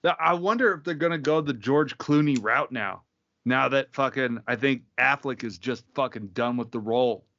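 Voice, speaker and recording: A man's voice: medium pitch, normal speed, vocal fry, fairly bright tone, muffled recording. A man co-hosting a podcast, talking casually with frequent swearing and emphasis. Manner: profane, emphatic. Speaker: podcast co-host. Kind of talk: casual chat.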